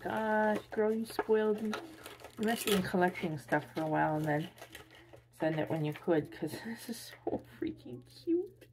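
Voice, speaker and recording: Tired, gravelly-voiced woman gushing over gifts. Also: fairly low pitch, normal speed, background noise. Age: adult with a son. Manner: gushing, excitable squeals over cute items. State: tired, drained. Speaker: vlogger. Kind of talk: casual unboxing chat.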